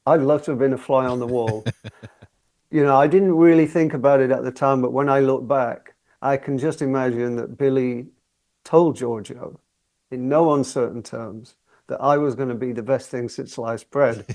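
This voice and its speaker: A man in his sixties sits as a guest in an interview, spinning anecdotes in a loose, conversational way. He talks easily and breaks into laughter often. His voice sits at an ordinary middle pitch. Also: steady tone, moderate pace, darkish tone. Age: 60s. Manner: chatty, often laughing while telling anecdotes. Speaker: guest singer. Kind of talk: relaxed storytelling interview.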